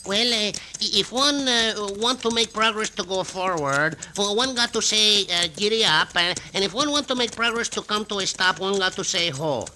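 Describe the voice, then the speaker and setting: A cheerful, simple-minded sidekick for a vintage radio play, with a thick Mexican Spanish accent and broken English. His voice sits high and very bright. He chuckles his way through his lines. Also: animated, moderate pace, hardly any pauses, slight background noise, exaggerated voice. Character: jolly sidekick, mangles English words. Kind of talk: 1950s radio drama acting.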